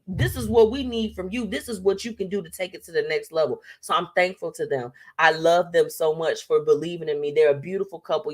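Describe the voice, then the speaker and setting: A woman hosting a live radio show, talking casually and animatedly to listeners, with a churchy, testifying way of praising. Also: low-pitched.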